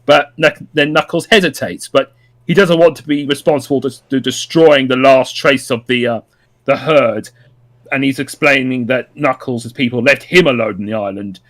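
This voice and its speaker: A man's voice: medium pitch, moderate pace, a bit bright. A man casually recapping a story on a podcast, rambling with lots of ums, uhs and restarts. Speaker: podcast co-host.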